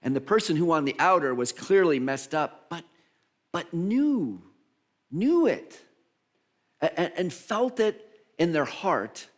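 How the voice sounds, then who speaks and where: A man's voice: on the high side, very animated, slow, pauses often. A man preaching a sermon as minister, acting out the voices of Bible figures and laughing at himself along the way.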